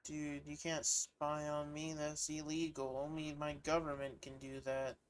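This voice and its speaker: A man's voice: a little high, completely flat delivery, a little slow, clear, resonant tone. A man streaming a shooter game, talking to himself in a goofy, sleepy way and swearing freely. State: sleepy, worn out. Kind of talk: casual gaming commentary.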